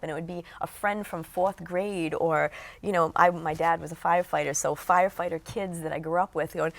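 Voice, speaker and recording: A woman guest in an interview, telling a story in an animated way and acting out what people said. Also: fairly low pitch, fast talker, hardly any pauses. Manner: animated storyteller, acts out quotes.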